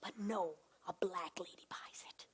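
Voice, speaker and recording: A woman performing a comic one-woman stage monologue, animated, swinging from hushed asides to loud bursts. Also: on the low side, a little slow, noisy background.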